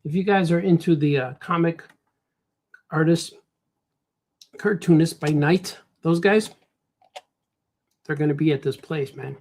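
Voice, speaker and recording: A man's voice: fairly high pitch, unhurried, pauses often, darkish tone. Chatty Chicago man narrating his own drawing on a stream, easygoing and rambling. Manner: rambling, talks to himself, says "man" a lot. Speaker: cartoonist streaming while drawing. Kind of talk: casual livestream chat while drawing.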